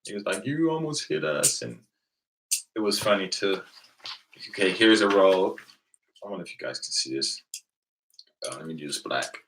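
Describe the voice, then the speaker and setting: A man's voice: deep voice, lively intonation, normal speed, pauses often, fairly bright tone, slight background noise, low-quality recording. A man from the United States hosting a casual channel, chatting with viewers and telling stories, acting out the exchanges he quotes. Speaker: channel host.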